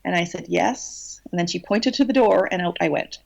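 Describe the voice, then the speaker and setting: A woman telling a personal story in a podcast interview, cheeky and animated, with many restarts. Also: lowish voice, normal speed, vocal fry, dull audio. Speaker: guest channeler.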